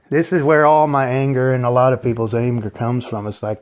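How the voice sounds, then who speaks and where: A man delivering an angry, profane vlog rant at middle pitch. He talks in a bitter, scornful way and breaks into short mocking laughs as he complains about the world to his viewers. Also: little pitch movement, fairly quick, few pauses, darkish tone. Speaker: channel host.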